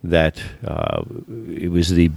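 In a dry recording, a US man in his sixties, a football business consultant appearing as a podcast guest, tells stories in a low, very animated but slow voice. It carries vocal fry and sounds a little mellow and husky, and he often repeats words and restarts.

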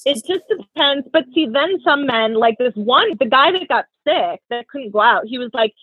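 Woman, fairly high voice, husky, chatty storyteller, tinny phone-like sound. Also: normal speed, hardly any pauses, no room sound. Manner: chatty, animated storytelling with lots of "like". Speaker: podcast co-host. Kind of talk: casual chat, dating stories.

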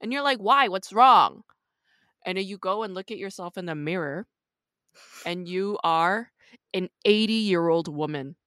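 A woman's voice: lowish voice, lively intonation, moderate pace, smooth, dry recording, studio quality. A woman hosting a casual podcast chat, playfully spinning hypothetical scenarios for her guest. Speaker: podcast host.

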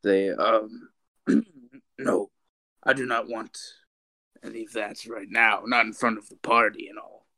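A man's voice: lowish voice, fairly even intonation, measured pace, pauses often, bright, forceful tone. A man playing in an online tabletop game, joking goofily over a voice call. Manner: goofy, joking. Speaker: player. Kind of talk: casual game chat.

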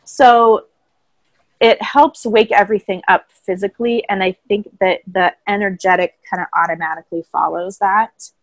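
Calm woman guest explaining stuff, dry close sound, middle pitch. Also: normal speed, no echo, low-quality recording. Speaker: voice coach guest. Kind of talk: casual interview chat. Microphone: own microphone, remote call.

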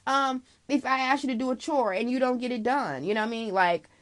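Speaking a little fast in a slightly high voice, a woman vlogger offers blunt, casual life advice straight to the listener. She calls them girl, curses without restraint, and keeps up a chatty stream of okays and you knows.

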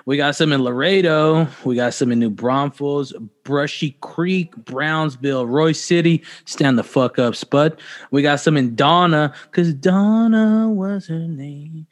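A man's voice: a little high, a little slow. A man hosting a casual podcast, talking loosely with lots of swearing and joking sound effects. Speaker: podcast host.

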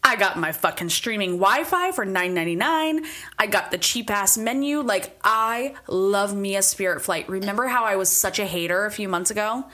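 A young woman co-hosting a casual podcast, telling quick stories and laughing often. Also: mid-range voice, expressive, pushed and bright. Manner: chatty, quick storyteller who laughs a lot. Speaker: podcast co-host. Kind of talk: casual chat.

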